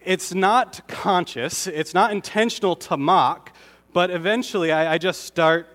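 A pastor from Connecticut giving a conversational sermon, with self-deprecating humor. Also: male voice, high-pitched, normal speed, a bit bright, big-room sound.

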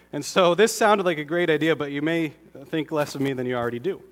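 A pastor from Connecticut giving a conversational sermon, with self-deprecating humor. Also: male voice, on the high side, huge pitch swings, normal speed, long reverb tail.

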